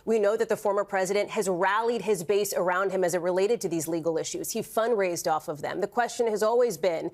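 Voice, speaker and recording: A woman's voice: mid-range voice, darkish tone. A female correspondent giving live studio analysis, fluent and emphatic, addressing the anchor by name. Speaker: news correspondent.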